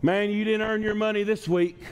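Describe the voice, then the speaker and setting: Speaking fairly quickly in a high-pitched, smooth, level voice, a male pastor delivers a sermon in a church sanctuary. His style is conversational, with phrases repeated for emphasis, and the hall gives long reverb.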